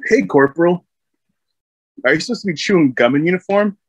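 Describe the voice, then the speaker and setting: A man putting on a stern, sarcastic female sergeant major who scolds and mocks, his voice lifted higher than usual. It sounds close and dry. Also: expressive, brisk, breathy edge, no room sound, lo-fi sound, exaggerated voice.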